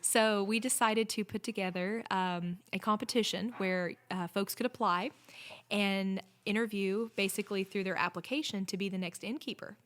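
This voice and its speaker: A woman's voice: medium pitch, steady tone, normal speed, fairly bright tone. A middle-aged woman, a podcast guest, telling her story in a chatty, upbeat way. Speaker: podcast guest, inn owner and corporate chef. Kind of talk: casual interview chat.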